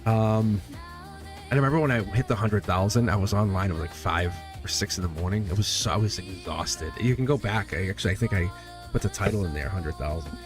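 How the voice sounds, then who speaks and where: A man hosting a live tarot stream, chatting casually and laughing often as he talks straight to his viewers, with soft music behind him. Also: lowish voice, brisk. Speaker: tarot reader and channel host. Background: quiet background music.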